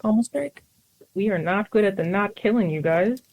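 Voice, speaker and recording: Female player, mid-pitched, chatty, eager. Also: normal speed, darkish tone, low-quality recording. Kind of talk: casual tabletop game play.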